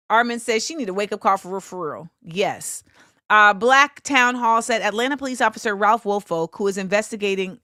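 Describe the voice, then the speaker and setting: A woman's voice: medium pitch, fairly bright tone, no room sound, studio quality. A woman hosting a livestream, reading viewer comments aloud and answering them in a blunt, opinionated way. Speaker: host.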